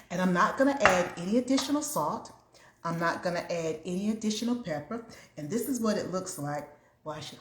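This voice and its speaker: Casting: woman host of a home cook-along, slightly low voice, chatty, echoey kitchen. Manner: chatty, talks to viewers while cooking. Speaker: home cooking show host. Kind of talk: casual cook-along chat.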